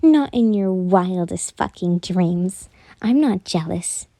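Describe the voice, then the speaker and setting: Woman as a jealous cat-eared fighter, hot-tempered, swearing, defensive, very mellow voice, whispered role-play. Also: fairly low pitch, expressive, slow pace, no echo.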